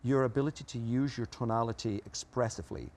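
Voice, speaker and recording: Talking fast in a darkish, medium-pitched voice, a man answers interview questions as an expert. He explains things emphatically and runs through his points in order.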